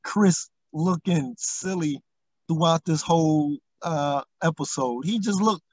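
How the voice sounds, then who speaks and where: A man's voice: a little high, slow, dry recording. A man co-hosting a casual review chat, blunt and teasing. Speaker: co-host reviewing a reality show.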